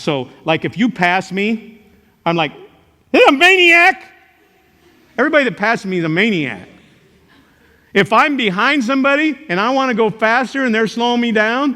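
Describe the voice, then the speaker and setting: An older man, a teacher, giving a motivational talk to a live audience, telling jokey stories with sudden loud outbursts. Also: sits high. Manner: animated storytelling, joking, sudden loud outbursts. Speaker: character education teacher and speaker. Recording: reverberant hall.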